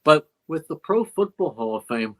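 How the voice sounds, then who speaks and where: In a podcast studio, an older man who spent years as a play-by-play broadcaster tells stories as an interview guest. His voice sits on the high side, very animated at a moderate pace, though the audio is poor. He reflects emotionally, quoting dialogue as he retells events.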